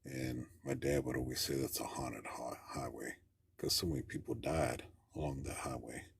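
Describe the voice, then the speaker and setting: A man's voice: very deep voice, big pitch swings, moderate pace, vocal fry, husky, no room sound, clean studio sound. A man calling in to tell a story, talking in a plainspoken, rambling way with folksy grammar. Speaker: caller. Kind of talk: casual storytelling.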